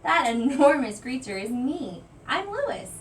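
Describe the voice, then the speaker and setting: A nervous little boy mouse from a picture book, read aloud by a woman, his high voice leaping around as his worry turns to bravery. The voice sits back from the microphone. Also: sing-song, unhurried, slight background noise. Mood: friendly. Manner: anxious, then hollering bravely. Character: timid little male mouse, jumpy but kind. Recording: voice from a distance from the mic.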